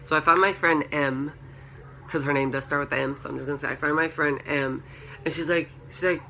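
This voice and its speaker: A man's voice: brisk, creaky, slight background noise. Rambling young man telling a nightmare story. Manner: rambling, full of "like" fillers; excited, rises to high-pitched shrieks when quoting himself. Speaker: vlogger. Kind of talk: storytime vlog. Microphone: camera.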